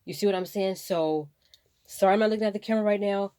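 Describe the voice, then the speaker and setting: A woman's voice: medium pitch, fast talker, mellow, clean tone, no room sound. A woman vlogging about something that upsets her, rambling and impassioned, fighting back tears. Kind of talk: emotional personal vlog.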